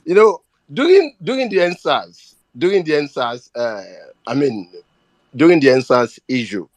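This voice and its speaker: A man's voice: fairly high pitch, animated, moderate pace, no room sound. A man with a Nigerian accent speaking earnestly and emotionally on a live audio chat, often repeating himself. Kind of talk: impassioned appeal.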